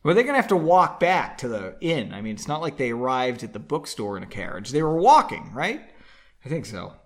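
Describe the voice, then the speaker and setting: A man's voice: mid-range voice, sing-song, a little fast, a bit bright. A man hosting a podcast, reading a book aloud and breaking off into sarcastic, mocking asides. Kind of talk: casual comedic read-along.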